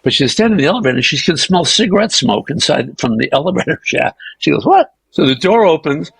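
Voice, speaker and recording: Gravelly older man telling stories. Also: fairly high pitch, fast talker, poor audio. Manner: animated raconteur, swearing. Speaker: guest actor. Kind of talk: anecdotal storytelling.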